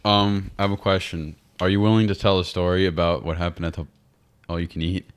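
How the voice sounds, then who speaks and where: A man's voice: deep voice, flat delivery, fairly quick, smooth. A man co-hosting a casual chat, telling a story with laughter. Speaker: co-host.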